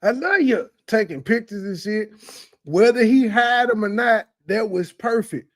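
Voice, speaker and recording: A man's voice: high voice, unhurried. A man hosting a reaction video, talking crudely and mocking between clips. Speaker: commentary YouTuber. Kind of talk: profane reaction commentary.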